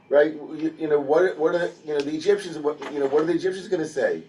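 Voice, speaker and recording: A man leads a relaxed Torah study session and tells the story with energy, playfully taking on the characters' voices. His voice comes from some distance away from the mic. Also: a little high, a little fast, few pauses, slight background noise. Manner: lively storytelling, playfully acts out biblical characters, frequent restarts. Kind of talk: casual Torah study class.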